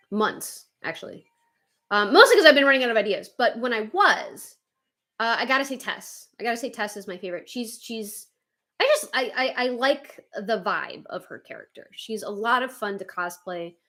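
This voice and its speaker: Woman, livestream host, casual chat, fairly high pitch, sharp bright tone, animated. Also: moderate pace. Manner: animated, chatty, swears casually, laughs often. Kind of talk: casual chat reading viewer comments.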